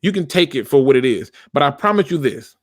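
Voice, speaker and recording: Animated man ranting about football. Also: mid-range voice, brisk, dry recording. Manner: emphatic, repeats phrases, informal slang. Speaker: host of a football fan channel. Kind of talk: casual sports commentary rant.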